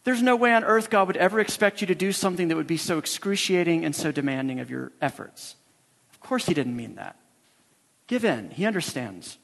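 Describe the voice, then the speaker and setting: A man voicing a sly, scheming older male demon mentor in a hushed, insinuating murmur, in a reverberant hall. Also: on the high side, big pitch swings, fairly quick, creaky, exaggerated voice. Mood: persuasive.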